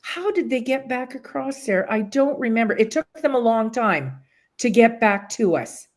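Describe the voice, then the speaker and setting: A woman's voice: on the high side, lively intonation, normal speed. A middle-aged woman recounting a personal ordeal as an interview guest, rambling with many restarts and strong emotion.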